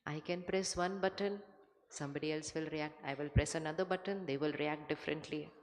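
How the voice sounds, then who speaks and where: A woman giving a spiritual talk to a live audience, measured and conversational, often putting questions to the listeners. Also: deep voice, steady tone, a little hiss or hum. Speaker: spiritual speaker. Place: large hall with an audience. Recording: hall reverb from a stage mic.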